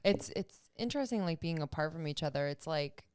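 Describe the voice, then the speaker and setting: A woman's voice: sits low, lively intonation, brisk, darkish tone, clear, resonant tone. A woman, co-hosting a podcast in casual chat, laughing and tossing in short agreeing replies. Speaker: podcast co-host.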